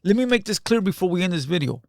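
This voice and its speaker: Slangy man, slightly high voice. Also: very animated, quick pace, darkish tone, no echo, studio quality. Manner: slangy street talk, constant "bro"; loose, repetitive, emphatic. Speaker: YouTuber reaction commentator. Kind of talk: casual reaction commentary.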